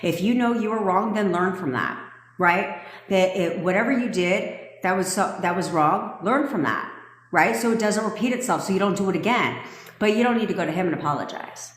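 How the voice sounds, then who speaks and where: A woman's voice: mid-range voice, brisk. Brash, swearing woman in an echoey room. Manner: brash, swearing, emphatic and scolding. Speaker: manifestation coach. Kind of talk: blunt, profane live-stream coaching rant. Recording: echoey room with long reverb.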